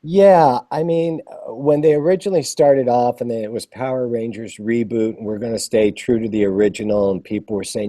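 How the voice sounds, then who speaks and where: A man's voice: medium pitch, steady tone, a little fast, hardly any pauses, warm tone, dry recording. A man chatting casually as a guest composer, rambling and self-deprecating with enthusiasm. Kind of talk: casual live chat.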